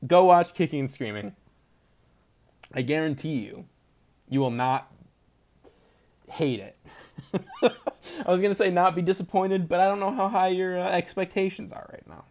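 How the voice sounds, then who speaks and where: A man's voice: high-pitched, expressive, moderate pace, pauses often, darkish tone. A young man hosting a podcast, chatting casually, rambling through jokes and laughing often. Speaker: podcast host. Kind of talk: casual chat.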